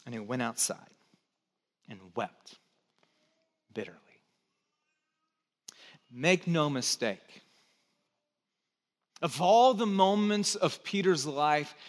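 A male pastor preaching a sermon in a church, slow and emphatic with dramatic pauses. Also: fairly high pitch, big pitch swings. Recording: long church hall reverb.

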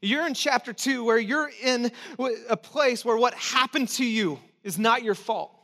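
High-voiced male preacher. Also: measured pace. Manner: conversational, emphatic, with restarts and asides; drops to soft, intimate encouragement. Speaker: pastor. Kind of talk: sermon.

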